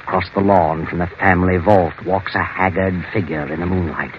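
A man narrating an old radio drama in a measured, ominous manner. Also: sits low, fairly even intonation, background noise. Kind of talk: scripted narration. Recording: dull lo-fi old radio recording. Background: music.

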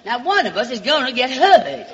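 Crowd noise surrounds a woman's high, very animated voice as she moves a little fast through a theatrical comic monologue on the radio. The comedy host speaks with a Southern American drawl and coyly calls everyone darling; the recording is a dull old broadcast from a reverberant hall.

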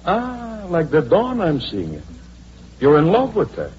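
Brash studio boss. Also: male voice, on the high side, wildly swooping pitch. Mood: blustering. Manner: blustering, wheedling, quick to laugh. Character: brash middle-aged male film studio boss. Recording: dull old recording with hum and hiss.

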